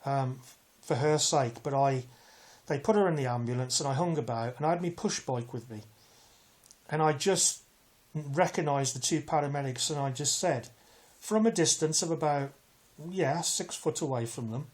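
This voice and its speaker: A vlogger talks to camera in a fairly high voice at a moderate pace, casually telling a personal story about being wronged. He rambles, with plenty of restarts and asides.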